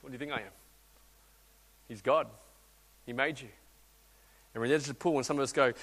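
A man, a guest preacher telling a story in a sermon, swinging between loud urging and quiet intimate speech. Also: mid-range voice, fairly even intonation, fast talker, long pauses, long reverb tail. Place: church hall.

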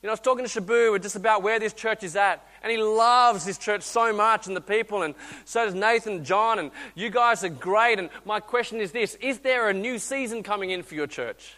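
A man, a guest preacher telling a story in a sermon, swinging between loud urging and quiet intimate speech. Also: sits high, fairly quick, few pauses, long reverb tail. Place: church hall.

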